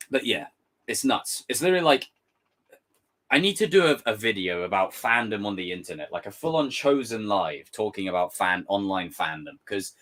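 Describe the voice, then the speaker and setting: A young man ranting casually on a live stream, swearing freely and slipping into quick impressions. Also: on the low side. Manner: animated, swearing, jumps into impressions.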